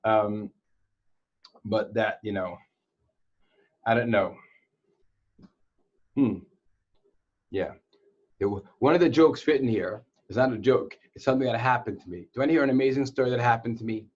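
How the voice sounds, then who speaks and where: A man's voice: medium pitch, moderate pace, pauses often, darkish tone. Playful man telling jokes, lo-fi. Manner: playful joke-telling storyteller. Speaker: Torah teacher to boys. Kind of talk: casual online class with jokes. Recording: dull lo-fi sound.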